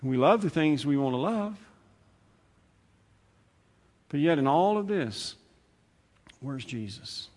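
A male preacher giving a sermon, conversational and repetitive, swinging from loud, fast bursts to hushed, slow lines. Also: a little high, expressive. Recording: long hall reverb.

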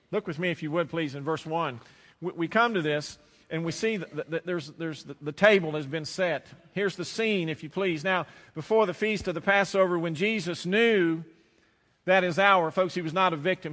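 A man with a Southern American accent preaching a sermon, telling stories and slowing down or dropping to a hush to stress a point. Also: on the high side. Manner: storytelling preacher, slows and drops to a hush for emphasis. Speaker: pastor. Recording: long reverb of a large hall.

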